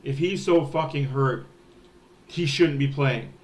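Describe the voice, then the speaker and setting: A man's voice: medium pitch, slow pace. A man hosting a hockey fan livestream, ranting in a heated, profane way. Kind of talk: ranting sports livestream talk.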